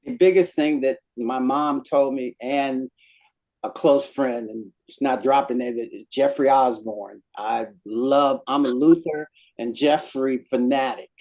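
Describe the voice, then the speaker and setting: A man's voice: medium pitch, unhurried. Guy on an interview, mid voice, laughs a lot telling stories. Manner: laughing often, telling animated anecdotes. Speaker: interview guest, singer. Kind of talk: casual interview chat.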